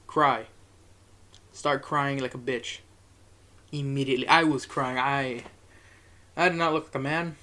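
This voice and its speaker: A man's voice: medium pitch, fairly even intonation, unhurried, long pauses, sharp tone. A young man telling a rambling, profane story in a casual monologue, chuckling as he goes.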